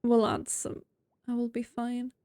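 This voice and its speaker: A woman's voice: a little high, completely flat delivery, unhurried, mellow, clean tone, dry recording. A woman streaming a game, chatting casually and thinking aloud while she builds, mocking herself now and then. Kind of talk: casual gameplay commentary.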